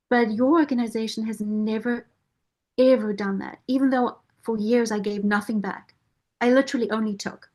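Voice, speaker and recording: A woman, a parent caregiver and board member, speaking earnestly and with measured pauses in a heartfelt interview testimonial. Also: medium pitch, a little mellow.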